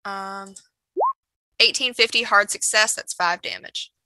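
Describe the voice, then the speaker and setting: A woman's voice: medium pitch, a little slow, sharp tone, dry recording, low-quality recording. A woman playing a tabletop game, blunt and swearing, in casual chat. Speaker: player.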